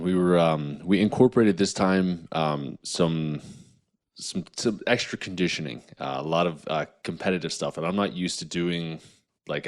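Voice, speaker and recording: A man with a very low voice talks as a podcast guest. He is earnest and reflective, working through his thoughts with plenty of "um" and "like.". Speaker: guest, naturopathic and chiropractic doctor. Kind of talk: casual interview chat.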